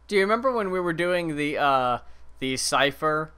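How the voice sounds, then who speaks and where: A man with a high, bright voice chats in an easy, relaxed way. His voice is smooth and clear, and he swears casually as he talks. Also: moderate pace. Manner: relaxed, conversational recollection with swearing. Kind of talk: casual chat.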